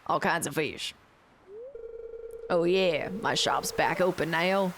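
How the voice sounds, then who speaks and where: A woman's voice: moderate pace, background noise, close to an everyday voice. A woman doing a folksy old fisherman. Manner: lowered voice with a put-on rustic accent. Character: folksy old male fisherman, gruff and friendly.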